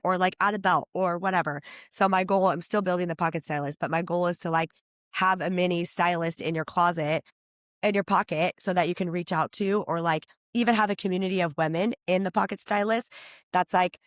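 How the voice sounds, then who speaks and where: A woman in her thirties, a personal stylist guest on a podcast, talking in an upbeat, chatty way and acting out quotes in higher voices. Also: fairly even intonation, quick pace, dry recording, studio quality. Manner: enthusiastic, chatty, acts out quotes with high-pitched voices.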